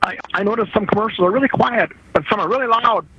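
A man calling in to a radio show, talking hesitantly with pauses. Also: high-pitched. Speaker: caller. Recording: muffled call with loud background noise.

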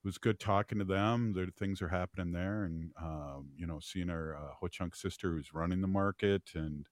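A man with a very deep voice hosts a laid-back radio talk show. He rambles warmly through stories, filling gaps with ums and uhs and laughing easily. The studio sound is dry and close. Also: normal speed, dry recording. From United States. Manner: relaxed, rambling, laughs easily, many fillers. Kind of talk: casual radio chat.

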